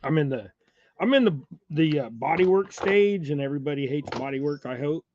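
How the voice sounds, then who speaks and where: A man's voice: fairly high pitch, animated, brisk, a little mellow, dull audio, slight background noise. A man hosting a fishing channel, chatting casually on a livestream while tying jigs. He rambles in a folksy way and chuckles often.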